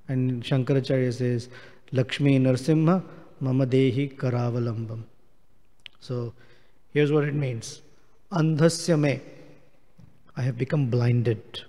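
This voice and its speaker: Slow-speaking man lecturing in a reverberant hall. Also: mid-range voice, warm tone. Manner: slow, explains Sanskrit verse word by word. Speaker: speaker giving a scripture class. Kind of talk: devotional scripture lecture. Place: temple hall.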